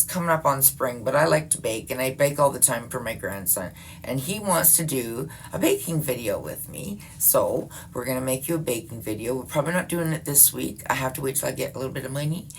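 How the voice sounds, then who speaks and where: A woman's voice: rumbling low, vocal fry, slight background noise. A woman in her fifties chatting casually to her viewers, swearing freely and laughing often. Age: 50s. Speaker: vlogger. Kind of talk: casual rambling chat.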